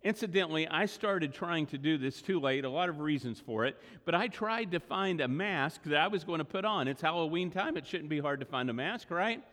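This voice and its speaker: A middle-aged man with a notably high voice delivers an earnest sermon. He slows down and leans on single words for emphasis. The sound rings with the long reverb of a large church hall. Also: expressive, a bit bright. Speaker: pastor. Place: church sanctuary.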